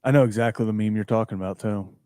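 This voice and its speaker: A man's voice: fairly low pitch, fast, a little mellow, clear, resonant tone, dry recording, studio quality. A man co-hosting a sports talk show, laid-back, mostly giving short agreeing replies. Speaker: co-host.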